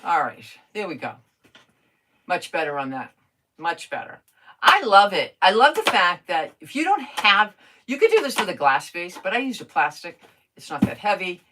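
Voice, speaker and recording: A woman's voice: lowish voice, sing-song, moderate pace, background noise. An older woman chatting casually while crafting on a live stream, talking to herself and answering viewer comments.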